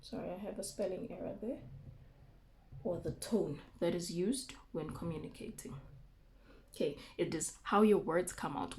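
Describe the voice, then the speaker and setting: A woman teacher giving a recorded remote lesson, explaining terms slowly with frequent okays and ums. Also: fairly low pitch, a little mellow, slight background noise. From South Africa.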